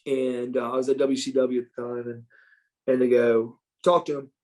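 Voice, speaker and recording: A middle-aged man as an interview guest, telling stories in a casual, animated, profane way with frequent restarts. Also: medium pitch, normal speed. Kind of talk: casual storytelling.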